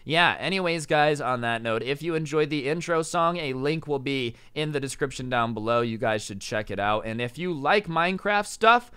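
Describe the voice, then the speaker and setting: A young man telling a story in a casual vlog, rapid and animated, full of "like" and "you know". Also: fairly high pitch, smooth, no room sound. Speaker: storytime vlogger.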